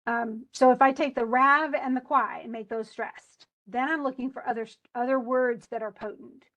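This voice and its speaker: A woman teaching poetry in a lesson, her voice sitting a little on the high side. She talks with false starts and slows down to stress the syllables she means. Her tone is patient. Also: steady tone, fairly bright tone, highs cut off. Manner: thinking aloud with restarts, slowing to stress words. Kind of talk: live tutoring on meter.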